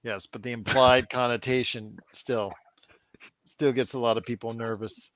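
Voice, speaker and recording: A man's voice: medium pitch, fairly even intonation, moderate pace, a bit bright, no room sound. A man hosting a casual sports talk podcast, teasing his co-hosts and repeating running gags. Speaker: podcast host.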